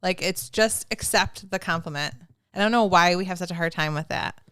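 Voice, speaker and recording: A woman's voice: on the low side, fairly quick, fairly bright tone, clean tone, no room sound, clean studio sound. Supportive woman podcast host. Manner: supportive, agreeing, reflective. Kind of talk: casual podcast chat.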